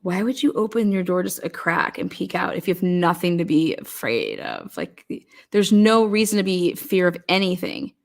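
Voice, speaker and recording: A woman's voice: fairly low pitch, very animated, normal speed, gravelly. A woman giving true crime commentary in a blunt, sarcastic and profane way, firing off pointed questions.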